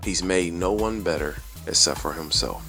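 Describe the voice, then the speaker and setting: Blunt low-voiced man ranting. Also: normal speed, creaky, bright, forceful tone, soft background music. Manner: blunt, preachy, slangy and repetitive. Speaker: channel host. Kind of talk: casual opinion rant.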